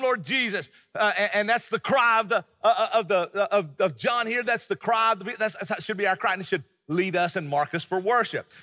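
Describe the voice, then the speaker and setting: A middle-aged male pastor preaches in a high, bright voice that rings out with a long reverb through a church hall. He keeps it conversational, piling on fillers and quick restarts. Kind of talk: sermon.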